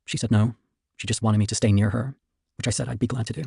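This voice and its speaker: Fast gravelly man reading aloud. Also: fairly low pitch, steady tone, warm tone, no echo, studio quality. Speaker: streamer reading a novel. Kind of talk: casual reading aloud of a novel.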